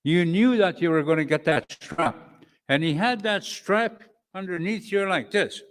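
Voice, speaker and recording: An older man speaking at a men's conference, giving a slow, emphatic personal testimony with repeated phrases. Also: sits high.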